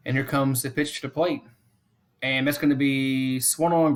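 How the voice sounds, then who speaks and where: A man calls a game pitch by pitch for his own fan stream, in a casual, unpolished way. He keeps restating the count and score and turns aside to chat with viewers between pitches. His voice sits at an ordinary middle pitch for a man. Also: fairly even intonation, moderate pace. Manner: repeats the count and score often. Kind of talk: casual play-by-play commentary.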